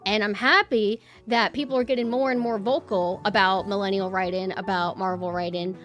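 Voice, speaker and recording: A woman's voice: mid-range voice, fairly even intonation, normal speed, fairly bright tone, faint music behind. A young woman streamer chatting casually with her viewers and ranting bluntly, swearing freely.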